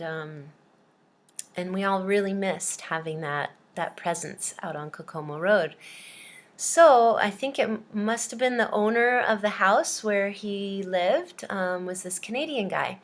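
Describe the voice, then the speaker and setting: A woman teacher from Hawaii telling a long, silly story in an animated, chatty way. She fills her pauses with "um" and "uh" and talks to her listeners with easy, mid-pitched warmth in her delivery. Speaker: language teacher. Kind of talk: storytelling to students.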